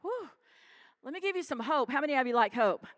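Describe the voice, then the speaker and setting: A woman pastor preaching a sermon in church, animated and calling out to the congregation. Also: high voice, a little fast. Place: church sanctuary.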